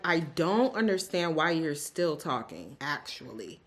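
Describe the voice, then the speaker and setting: A woman's voice: low voice, sing-song, measured pace, few pauses. A young adult woman chatting casually in a reading vlog, giving candid, opinionated reactions to books. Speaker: book vlogger.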